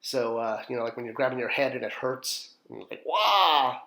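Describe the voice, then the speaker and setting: A man's voice: mid-range voice, little pitch movement, fast, vocal fry, a bit bright. A man hosting an online drawing lesson, talking through each stroke with playful, self-mocking jokes. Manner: playful, self-mocking asides while sketching step by step. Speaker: drawing teacher.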